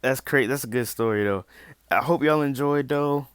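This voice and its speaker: A man hosting a channel, closing out a video in a laid-back, casual way with relaxed slang. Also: mid-range voice, normal speed, smooth, no room sound, studio quality. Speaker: channel host. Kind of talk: casual outro talk.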